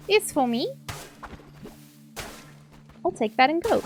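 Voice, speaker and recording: A young woman streaming a game live, excitable and sweary, gasping and chatting with her viewers. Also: sits high, slow pace, long pauses, soft background music. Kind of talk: casual live gaming commentary.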